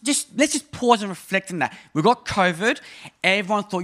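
A man in his thirties delivering a sermon with a high, light voice. His manner is chatty and funny, swinging between emphatic bursts and hushed asides. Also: lively intonation, moderate pace. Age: 30s. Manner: conversational and humorous, with sudden emphatic rises and soft drops. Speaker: preacher.

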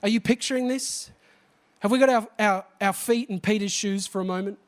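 A man preaching a sermon, animated and often asking the congregation questions. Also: high-pitched, a little fast.

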